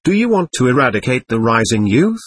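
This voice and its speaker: A man voicing a small, friendly male alien who lectures earnestly in a string of questions, in a husky voice. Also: mid-range voice, very animated, a little fast, no room sound.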